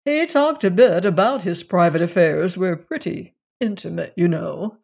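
A reader voicing a low, unhurried clubman. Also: lively intonation, creaky, darkish tone, husky. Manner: low but distinct, unhurried. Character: tired clubman telling a strange story, man. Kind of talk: audiobook reading of a story.

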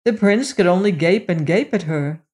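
A storyteller reading a fairy tale aloud in a measured, gently expressive way. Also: medium pitch. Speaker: narrator.

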